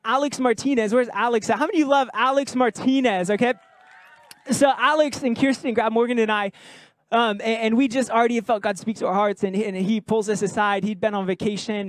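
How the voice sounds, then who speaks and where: A man with a notably high voice preaches to his congregation in a loose, chatty way, cracking jokes and throwing out questions to the room. The sound is close and dry, with almost no room echo. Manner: conversational, jokey, asks the congregation questions. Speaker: pastor. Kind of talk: sermon. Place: church service with congregation.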